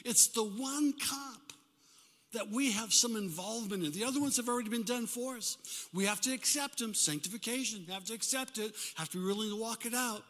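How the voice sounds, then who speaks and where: Older male pastor, high bright voice, animated call-and-response sermon, hall reverb. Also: fairly quick. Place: church sanctuary.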